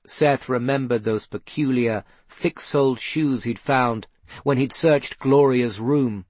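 A man narrating a children's novel aloud with expressive storytelling. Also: medium pitch, slow pace, no echo. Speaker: audiobook narrator. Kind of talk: scripted narration.

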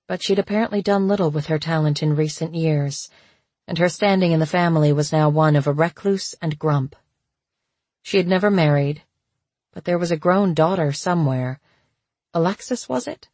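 An audiobook narrator reading a novel in a steady, measured way. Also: medium pitch, dry recording. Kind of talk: scripted narration.

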